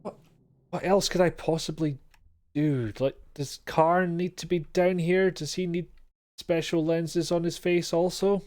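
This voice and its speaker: A man's voice: a little high, steady tone, a little slow, darkish tone. A man streaming a video game live, commenting in a sweary, exasperated and sarcastic way.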